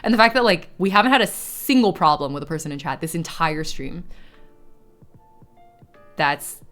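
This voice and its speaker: A woman streamer chatting casually, reading chat messages aloud and laughing often. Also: deep voice. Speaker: live streamer.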